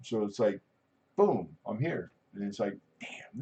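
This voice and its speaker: A middle-aged man with a lowish, mellow voice talks in a loose, rambling way. He is candid and swears often. His speech wanders through restarts. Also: expressive, a little slow. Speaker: livestream host. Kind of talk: casual rambling chat.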